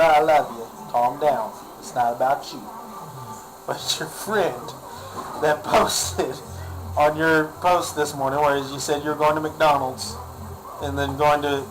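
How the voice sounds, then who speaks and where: A man's voice: fairly high pitch, poor audio. Exasperated man ranting into a webcam. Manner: exasperated, sarcastic, repeats himself. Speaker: vlogger. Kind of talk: ranting vlog monologue.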